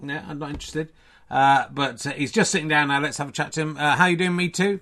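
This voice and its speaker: Giddy rambling comedian. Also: male voice, on the high side, fairly even intonation, fast, bright, forceful tone. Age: 50s. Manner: giddy, self-mocking, wandering digressions. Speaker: comedian hosting a solo snooker show. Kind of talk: rambling comic monologue.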